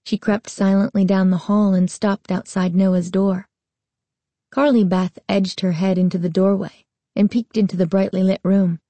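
A woman narrating a storybook aloud with a slow, even reading. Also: mid-range voice, no room sound.

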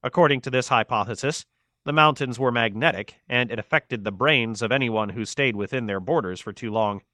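A man narrates a novel as an audiobook, his scripted storytelling steady and measured. His medium-pitched voice is recorded cleanly in a studio with no echo.

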